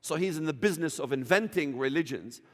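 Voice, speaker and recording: A man speaking as a guest in a church, emphatic and combative, often rising to shouts. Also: fairly high pitch, animated, fast talker. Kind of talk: fiery preaching talk. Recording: reverberant church hall.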